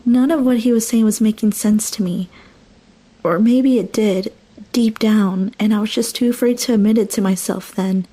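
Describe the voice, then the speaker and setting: A woman narrating a first-person horror story in a hushed, slow, tense storytelling manner. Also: medium pitch.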